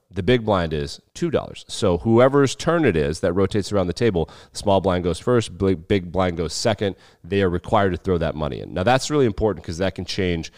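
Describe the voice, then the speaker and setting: A man's voice: sits low, darkish tone, dry recording, clean studio sound. A man co-hosting a podcast, casually explaining things step by step and swearing freely. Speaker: podcast co-host.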